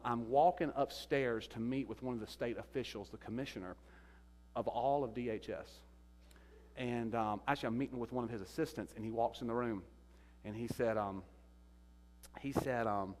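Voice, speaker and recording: A man, a guest speaker telling a sermon testimony, halting and repeating his words as he goes. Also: medium pitch, darkish tone. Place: church sanctuary. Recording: echoey sanctuary reverb.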